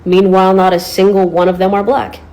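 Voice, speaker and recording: A woman's voice: medium pitch, flat delivery, fairly quick, a little mellow, rough recording. A woman ranting bluntly to the camera, exasperated and swearing freely. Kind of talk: casual rant to camera.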